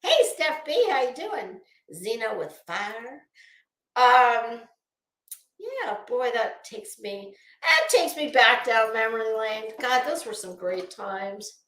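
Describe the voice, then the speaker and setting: A woman's voice: a little high, very animated, takes it slowly, fairly bright tone, reverberant. A woman hosting a casual live stream, greeting viewers by name and swearing freely. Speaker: livestream host.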